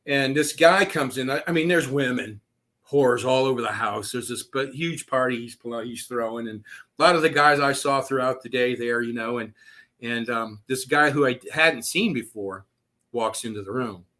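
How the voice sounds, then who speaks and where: Man telling wild stories, bright and forceful. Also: medium pitch, moderate pace. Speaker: guest, author telling his own story. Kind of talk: casual storytelling. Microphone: video call.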